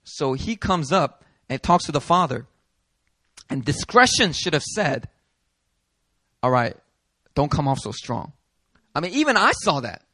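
A pastor telling a story from the pulpit, bright and forceful in tone and fairly high for a man. He acts out each person he quotes with real energy. The sound is dry and close. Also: sing-song, unhurried, pauses often, no room sound. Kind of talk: sermon with storytelling. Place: church hall.

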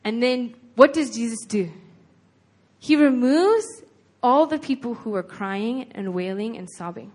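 A woman's voice: a little high, animated, measured pace, darkish tone. Earnest conversational woman preacher. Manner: conversational, earnest, retelling scripture with frequent "like". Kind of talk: sermon.

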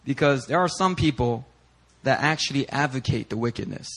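A man preaching a sermon as pastor, animated and acting out the people he quotes in raised voices. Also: mid-range voice, brisk, low-quality recording.

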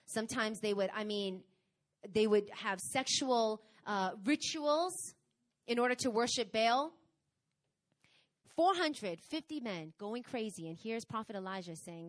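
A woman preaching a sermon, reading scripture and telling her own testimony, with emphatic bursts that drop to quiet, casual asides. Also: fairly high pitch, lively intonation, unhurried. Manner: casual, conversational retelling with fillers.

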